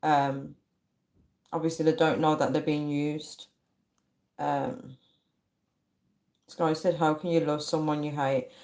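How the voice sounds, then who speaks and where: A woman's voice: deep voice, level tone, slow, pauses often, darkish tone. Chatty young woman hosting a livestream. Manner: laughs a lot, chatty, reads viewer names aloud. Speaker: livestream host. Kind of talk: casual livestream chat reading comments.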